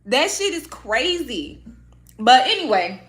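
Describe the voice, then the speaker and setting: A woman's voice: high-pitched, sing-song, slow, a bit bright. A woman vlogger chatting candidly with viewers, blunt and heavy on profanity, talking emotionally about herself. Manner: emotional, heartfelt. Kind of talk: casual candid chat to viewers.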